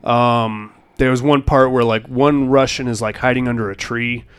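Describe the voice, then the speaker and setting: Smooth-voiced guy casually recapping a movie. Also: mid-range voice, steady tone, moderate pace. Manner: rambling, laid-back, swears casually.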